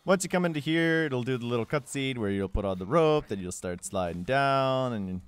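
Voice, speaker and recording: A man's voice: mid-range voice, animated, moderate pace, clean tone. A young man giving a casual, joking game walkthrough voice-over, rambling with sarcastic asides. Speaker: gameplay guide narrator.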